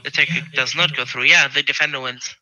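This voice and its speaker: A man playing a tabletop role-playing game, asking quick questions about the rules. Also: mid-range voice, fairly even intonation, sharp tone, low-quality recording. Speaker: player. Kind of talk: casual tabletop game chat.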